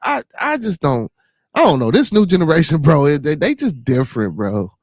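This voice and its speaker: A man with a Chicago accent telling stories and chatting on a podcast, animated and profane, with lots of restarts. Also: on the high side, normal speed, dry recording, studio quality. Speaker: podcast host. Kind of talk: casual chat.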